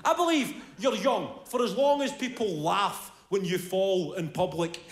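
A man doing a stand-up comedy routine, telling stories with animated bursts and shouted impressions. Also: high-pitched, measured pace. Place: large live comedy venue. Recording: echoey live venue with audience laughter. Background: crowd laughing.

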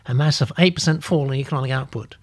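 A man's voice: mid-range voice, fast talker, no room sound. A man hosting a live writing show, reading a comic submission aloud theatrically and then chatting with a guest. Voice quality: animated, theatrical reader. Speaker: host.

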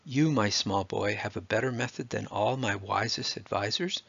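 A man voicing an amused, commanding prime minister in a storybook, with a gravelly, proud delivery. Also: fairly low pitch, normal speed, fairly bright tone, no echo, highs cut off, heavily acted.

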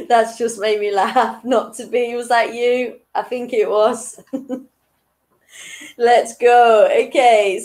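Running an online quiz, this late-twenties host keeps up a self-deprecating chatter punctuated by bursts of giggles. Her voice is a little high yet darkish in tone, heard through poor audio.

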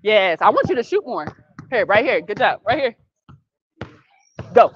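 A woman coaching a youth basketball practice, calling brisk directions and praise and gently correcting the kids. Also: mid-range voice, very animated, husky. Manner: brisk, directive calls and encouragement; patient, gentle correction of the group. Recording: dull, dry lo-fi sound.

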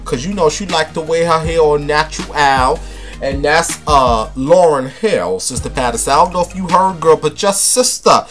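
A man's voice: fairly high pitch, normal speed, a bit bright, soft background music. A man hosting a casual celebrity gossip vlog, talking in a sassy, flamboyant, camp way and calling his viewers honey and baby. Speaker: vlogger.

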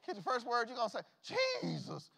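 A man preaching a sermon as pastor, swinging from loud calls to hushed, folksy asides. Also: high voice, lively intonation, moderate pace. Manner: preaching with big swings from shouts to hushed tones. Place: church sanctuary. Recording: long reverb of a church hall.

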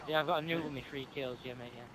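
A young man, loudly teasing his friends during an online shooter match. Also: mid-range voice, steady tone, rapid-fire, crowd noise, low-quality recording. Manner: loud, teasing banter. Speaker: player in the game session. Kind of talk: casual game chat with friends. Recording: game gunfire behind, noise.

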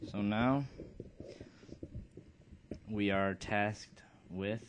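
Slow, low-voiced let's play host. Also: male voice, fairly even intonation, a little hiss or hum. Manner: laid-back and offhand. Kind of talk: casual game commentary.

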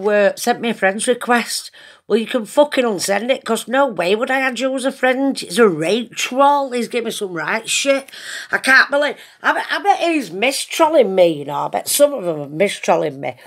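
A woman's voice: a little high, animated, moderate pace, a bit bright. A woman chatting casually to camera, giggling often, swearing freely and rambling from one thing to the next.

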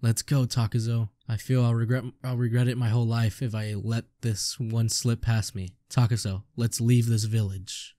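A man reading aloud as a battered young male drifter who boasts and reminisces wistfully, with a dark, dry voice. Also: medium pitch, level tone, moderate pace, few pauses, no room sound, close to an everyday voice. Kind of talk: manga read-aloud.

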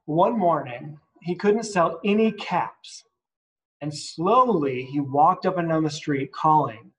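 A man's voice: a little high, animated, measured pace, fairly bright tone, low-quality recording. A man reading a picture book aloud at story time, adding chatty asides and asking the kids questions, at home. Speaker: reader at children's story time.

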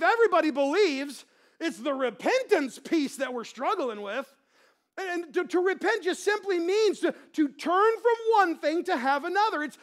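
A woman preaches a sermon in a high, bright register. She speaks in a loose, conversational way, full of restarts. She drives points home by repeating phrases and rising into impassioned shouts. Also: lively intonation, normal speed. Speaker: pastor.

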